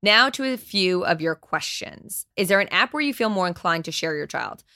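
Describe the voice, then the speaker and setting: A woman's voice: lowish voice, lively intonation, moderate pace, sharp tone, no echo, studio quality. Candid, emphatic young woman podcast host. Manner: candid, emphatic, swears freely. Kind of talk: solo podcast talk.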